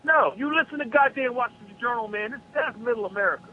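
Fired-up caller on a tinny phone line. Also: male voice, very high-pitched, quick pace, slight background noise. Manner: profane, heated, ranting. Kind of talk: angry political rant on a call-in show. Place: South Carolina.

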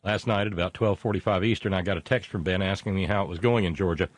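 A man's voice: low voice, fairly even intonation, quick pace. A man hosting a casual political talk show, reading out listener messages in a rambling, sardonic way with many fillers.

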